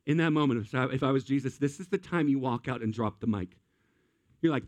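A man preaching a sermon as a pastor, animated and acting out quotes with playful voices. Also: medium pitch, a little fast.

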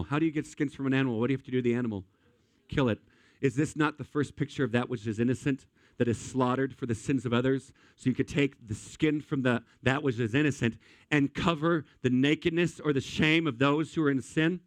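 A man preaching a sermon at a church service in an energetic, conversational way, talking straight to the congregation. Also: medium pitch, brisk, no room sound, clean studio sound. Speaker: pastor.

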